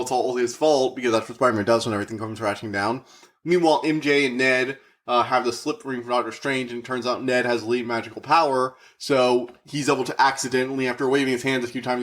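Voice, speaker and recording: Excitable man reviewing a movie. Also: a little high. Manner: excitable, acts out quoted characters, swears. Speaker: podcast reviewer.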